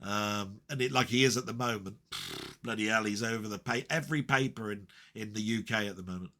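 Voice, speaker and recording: A man's voice: fairly low pitch, a little fast, pushed and bright. A man chatting on his gaming vlog, reading out viewer comments with joking, sweary banter and lots of rambling fillers. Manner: rambling with many fillers and restarts. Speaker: retro gaming vlogger.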